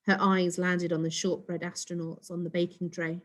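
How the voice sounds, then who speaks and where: A woman reading a children's storybook aloud in an expressive, steady storytelling voice. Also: lowish voice, moderate pace. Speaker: storybook reader.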